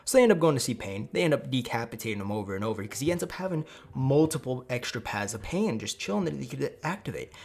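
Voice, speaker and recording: Male narrator, low gravelly voice, lively, rambling comic storyteller. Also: fast, few pauses. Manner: profane, joking, rambling. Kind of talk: casual improvised fan story.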